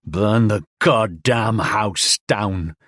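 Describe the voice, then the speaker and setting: A man's voice: fairly low pitch, big pitch swings, normal speed, husky, no room sound, clean studio sound. A man voicing an enraged, violent young man who hurls harsh, snarling insults. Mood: furious.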